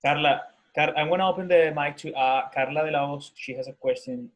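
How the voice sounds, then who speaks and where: A man moderating an online workshop, briskly keeping time and handing the mic to participants. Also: a little high, rough recording. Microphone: video call.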